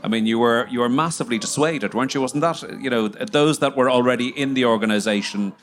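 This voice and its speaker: A man's voice: medium pitch, fast. A man co-hosting a podcast interview, asking leading questions with stammering restarts. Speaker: podcast co-host.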